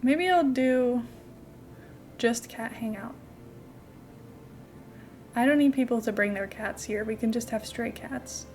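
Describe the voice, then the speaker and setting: A young adult woman streaming a game from home, chatting in a rambling, casual way and cooing softly at her cat now and then. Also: a little high, slow, pauses often. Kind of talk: casual live-stream chat while gaming.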